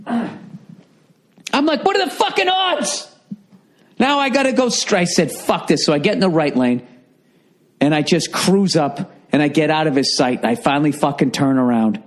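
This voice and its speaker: A middle-aged man hosting a podcast, telling a comic story in a profane, exasperated rant with a Boston accent. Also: on the high side. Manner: profane, exasperated, animated ranting. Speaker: podcast host.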